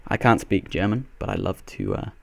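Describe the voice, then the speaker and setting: A man's voice: low voice, huge pitch swings, normal speed, gravelly, dry recording. A man giving playful, jokey live commentary over a shooter game as he plays, laughing often. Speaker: gaming commentator.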